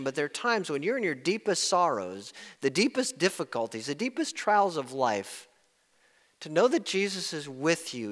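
A man preaching a sermon in an earnest way, rising to loud emphasis and dropping to hushed tones when quoting. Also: a little high, in a large hall. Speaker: pastor.

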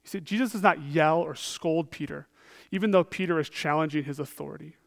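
A man preaching a sermon, earnest, often asking "right?" and moving between emphatic and hushed delivery. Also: a little high, brisk, vocal fry.

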